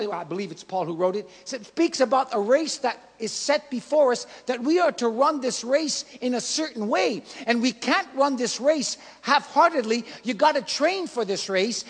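A male pastor preaching a sermon, swinging from loud emphatic lines to quiet soft ones. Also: very high voice, big-room sound. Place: church.

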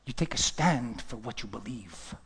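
Impassioned husky preacher in echoing hall. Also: male voice, medium pitch, expressive, normal speed. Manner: impassioned, swinging from hushed whispers to loud outbursts. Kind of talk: sermon.

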